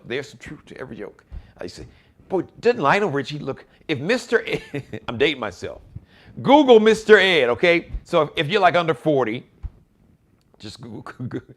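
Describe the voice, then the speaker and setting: Animated man hosting a live show. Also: mid-range voice. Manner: animated, joking, addressing viewers directly. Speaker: host of a live online talk show. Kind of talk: casual live-stream chat.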